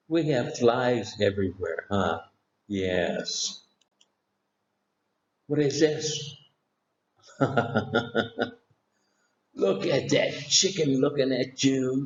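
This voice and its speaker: A man teaching young children about animals with slow, exaggerated questions. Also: mid-range voice, darkish tone, roomy sound, muffled recording. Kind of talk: children's lesson.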